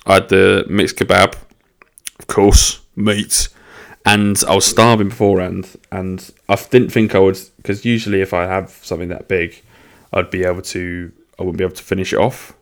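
A man's voice: low voice, steady tone, moderate pace. A man hosting a solo podcast, rambling through casual chat with sweary, self-deprecating banter. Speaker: podcast host.

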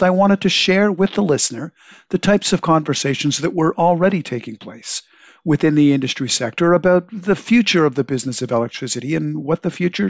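A congested man with a slightly higher voice hosts a podcast, reading his introduction in a measured, clearly enunciated way. The recording is dry and close, with no room sound. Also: dry recording, dull audio. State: congested from a cold. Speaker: podcast host. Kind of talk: scripted podcast intro and interview. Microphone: home setup over video call.

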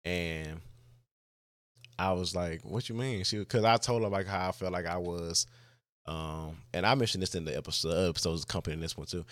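A podcast host recounts a personal story in a rambling, casual way, leaning heavily on "like" and frequently restarting. His low voice keeps a steady tone at normal speed, and the recording has no room sound.

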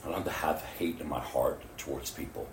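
Male pastor mid-sermon, swings loud to hushed, distant mic in a roomy hall. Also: extremely low pitch, fairly quick, a little hiss or hum. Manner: swings from loud exclamations to hushed near-whispers, laughs often. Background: congregation responses.

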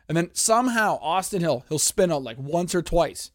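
A man's voice: a little high, expressive, normal speed, dry recording, studio quality. A man from Canada hosting a casual sports podcast, ranting in a profane, heated, rambling way. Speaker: podcast host.

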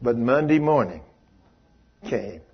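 Preacher guy telling a story in a sermon, husky and kinda high, acts out all the voices, muffled old recording. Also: takes it slowly. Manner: folksy, animated storytelling with acted quotes.

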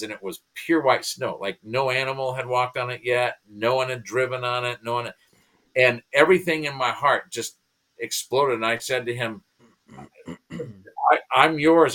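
A man, a pastor and comedian, telling his personal conversion story as a podcast guest, earnest and emotional. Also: mid-range voice. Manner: earnest, emotional, animated retelling.

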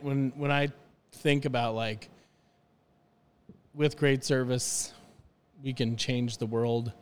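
A man's voice: medium pitch, smooth, in a large hall. A man on a podcast talking earnestly about hospitality in a rambling, casual way with many restarts.

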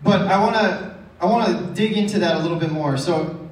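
A man's voice: high voice, a little fast. A male pastor preaching a casual, conversational sermon in a church, often asking the congregation rhetorical questions. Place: church sanctuary. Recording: echoey hall from far off.

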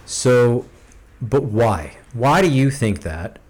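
A man hosting a casual podcast chat, animated and opinionated, swearing freely. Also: mid-range voice, slow pace. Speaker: podcast host.

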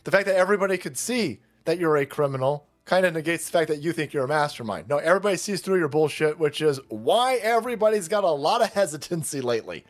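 Man, ranting commentary, sarcastic, foul-mouthed, fairly high voice. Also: lively intonation, fast talker, few pauses. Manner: sarcastic, mocking, puts on voices of opponents. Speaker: political commentary host.

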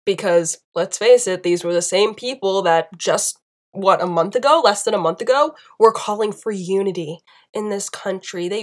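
A woman's voice: medium pitch, normal speed. An American woman ranting through a political opinion monologue for her channel. She talks with strong, emphatic conviction, stacking up lists and repeated phrases to hammer her points home. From United States. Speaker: political commentator.

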